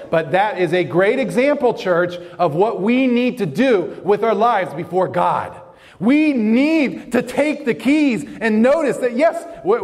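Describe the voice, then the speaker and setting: A young man preaching a sermon, telling stories earnestly and slowing down for emphasis. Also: sits high. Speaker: pastor. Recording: long hall reverb.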